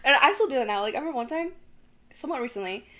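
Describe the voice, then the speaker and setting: A young woman with a high, bright voice, talking fast in a loose podcast chat. She tells stories with big energy, swears casually and acts out her own panic. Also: animated. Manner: swears casually, says "like" and "girl" often. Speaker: podcast co-host.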